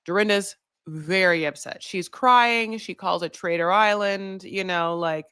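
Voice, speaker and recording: A woman's voice: fairly low pitch, a little slow, sharp tone, clear, resonant tone, no room sound, clean studio sound. A woman giving a casual, rambling recap of a reality show, full of "like" and "you know". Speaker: recap vlogger.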